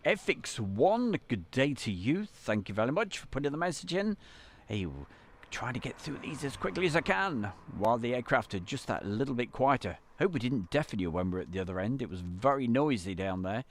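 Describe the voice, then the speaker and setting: A man hosting a live stream from an editing van, chatting and greeting viewers by name. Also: lowish voice. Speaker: livestream host.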